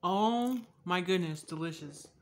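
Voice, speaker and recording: A young woman vlogging a casual taste test, candid and chatty, swearing freely and drifting between soft asides and loud laughing outbursts. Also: fairly low pitch, a little slow, slight background noise.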